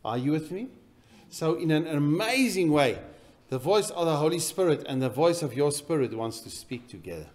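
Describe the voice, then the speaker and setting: Man, pastor, sermon, emphatic, loud then hushed. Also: a little high, big pitch swings, moderate pace, hardly any pauses. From South Africa. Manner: emphatic preaching, swinging from loud bursts to quiet intensity. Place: church.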